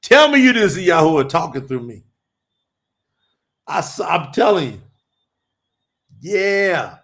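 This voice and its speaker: Gravelly guy preaching on a livestream, slow drawl, shouts a lot, pretty high voice. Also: sing-song. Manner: shouts and drawls, reads chat aloud.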